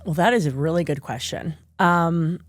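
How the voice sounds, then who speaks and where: A woman's voice: fairly low pitch, moderate pace, dry recording, studio quality. A young adult woman, a guest actress, telling stories in a casual podcast chat and acting out the people she quotes. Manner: animated, acts out quoted dialogue.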